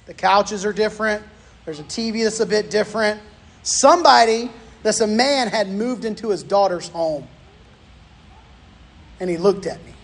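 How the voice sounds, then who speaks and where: A man preaches with a fairly high voice. He moves between folksy personal anecdotes and teaching points, animated and storytelling. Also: normal speed, long pauses. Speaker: pastor. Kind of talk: sermon with personal stories.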